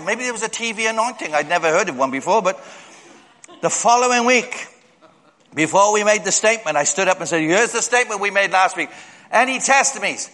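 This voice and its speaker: A man preaching a sermon in a church hall, telling stories and jumping up high to act out other people's voices. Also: pushed and bright. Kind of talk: storytelling sermon. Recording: long hall reverb.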